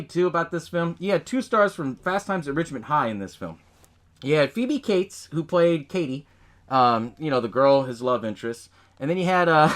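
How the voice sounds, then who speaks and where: A man's voice: medium pitch, fairly bright tone. A young man hosting a podcast, casually recapping a film, swearing often, laughing and quoting characters' lines. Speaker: podcast host.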